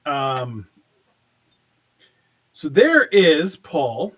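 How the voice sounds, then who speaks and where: A man's voice: a little high, very animated, extremely slow, fairly bright tone. A man co-hosting a casual podcast, telling a long joke in a rambling way with many fillers. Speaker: podcast co-host.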